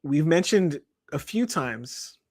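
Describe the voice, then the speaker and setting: A middle-aged man from Canada, a podcast guest and author, talking in an animated, emphatic way. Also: fairly high pitch, slow, no room sound. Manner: animated, emphatic storytelling with laughs. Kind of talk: casual podcast conversation.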